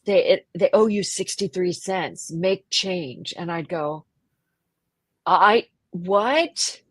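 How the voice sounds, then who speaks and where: Chatty woman with a low voice, laughing easily. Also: measured pace, slightly rough, no room sound. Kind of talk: casual podcast chat.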